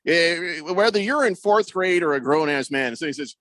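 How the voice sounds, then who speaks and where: Man, sports radio host, lively swinging pitch, fairly high voice, dry studio sound, mocking and animated. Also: a little fast, no echo. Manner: animated, mocking, reads listener messages aloud. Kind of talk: casual sports radio talk.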